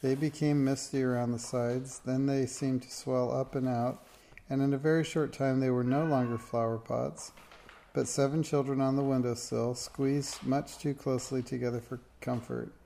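Gravelly dark-voiced male storyteller. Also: mid-range voice, fairly even intonation, normal speed. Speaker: narrator. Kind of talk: storybook reading.

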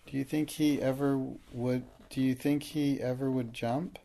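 A man reading the part of a timid, slow-learning plump schoolgirl in a storybook, speaking in a fretful, pleading way. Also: mid-range voice, steady tone, gravelly, dark tone.

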